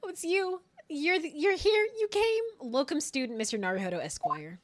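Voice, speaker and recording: A woman's voice: sits high, lively intonation, moderate pace, pitched above the performer's own voice. A woman voicing an overly emotional young male writer, reading game dialogue aloud in a gushing, sentimental way.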